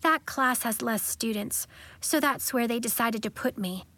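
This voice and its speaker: A woman's voice: a little high, measured pace, a bit bright, dry recording. A woman reading the lines of a chatty schoolgirl who tells stories with gusto. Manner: chatty, giggly storyteller. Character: chatty schoolgirl who makes things big.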